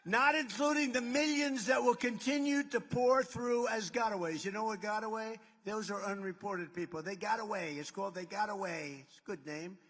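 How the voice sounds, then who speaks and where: A man's voice: high voice, normal speed, hardly any pauses, fairly bright tone. A man addressing a rally as a political candidate, boastful and repetitive, piling up superlatives and wandering into asides. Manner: rambling asides. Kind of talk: rally speech. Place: large rally venue. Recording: long reverb in a large hall.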